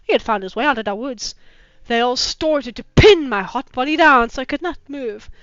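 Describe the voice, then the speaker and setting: A woman's voice: high voice, expressive, moderate pace, fairly bright tone, clear, resonant tone, dry recording, dull audio. A woman doing a comedic dramatic reading of fanfiction, breaking off for sarcastic, swearing asides and putting on mock-dramatic voices. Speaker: streamer reading fanfiction aloud.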